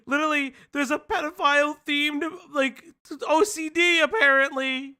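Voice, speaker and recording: A man co-hosting a reaction stream, talking in a loose, animated way, often laughing and swearing. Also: extremely high pitch, measured pace. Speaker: stream co-host reacting to a video. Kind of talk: casual reaction stream chat.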